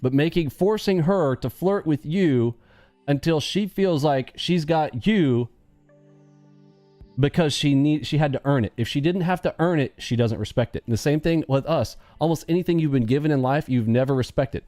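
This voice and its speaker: A man hosting a live stream in casual chat, joking and animated, acting out quick bits of dialogue. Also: fairly high pitch, no room sound, faint music behind.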